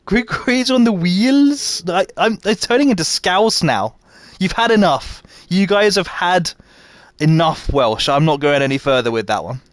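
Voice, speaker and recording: A man's voice: a little high, expressive, moderate pace, fairly bright tone, no room sound, studio quality. A man livestreaming a game, chatting with his viewers and laughing at himself. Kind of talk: live gameplay chat.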